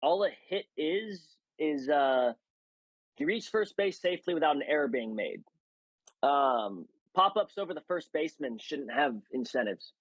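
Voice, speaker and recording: A man's voice: a little high, expressive, unhurried, dry recording, highs cut off. A man speaking as a guest hitting coach, emphatic and coach-like, with many restarts. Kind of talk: casual conversational interview.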